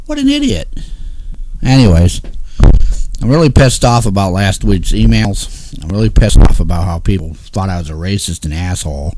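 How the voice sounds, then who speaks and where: A man's voice: sits low, moderate pace, noisy background. A man hosting a casual talk show, ranting in an exasperated, grumpy way and swearing often. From Northeastern United States. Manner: grumpy, cursing, exasperated rants. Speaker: host.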